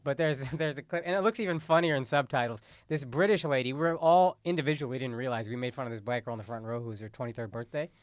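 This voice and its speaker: A young man co-hosting a casual comedy podcast, telling stories with loud bursts of laughter. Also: medium pitch, fast talker, hardly any pauses, no room sound, clean studio sound. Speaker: podcast co-host. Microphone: studio podcast mic.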